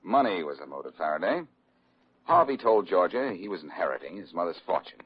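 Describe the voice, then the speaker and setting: A man's voice: deep voice, lively intonation, breathy edge. An actor playing a breezy, wisecracking male detective in a 1940s radio drama, old lo-fi recording. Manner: breezy, teasing, quick with quips. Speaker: detective lead. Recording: dull lo-fi old radio recording with faint hiss.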